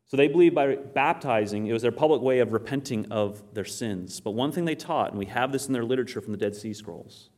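A man's voice: medium pitch, a little mellow. A man from Maine with a northern Maine accent, preaching a sermon and telling stories, often asking the audience questions. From Maine, USA. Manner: storytelling, acts out quoted voices, asks the audience questions. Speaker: pastor.

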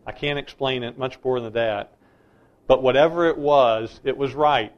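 A man's voice: mid-range voice, normal speed, dull audio. A middle-aged man preaching a sermon as a pastor, emphatic and insistent.

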